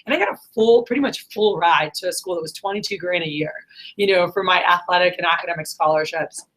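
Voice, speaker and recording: Bright-voiced woman rambling candidly. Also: on the low side, fast. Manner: rambling, candid storytelling full of fillers. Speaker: vlogger. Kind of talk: casual personal monologue.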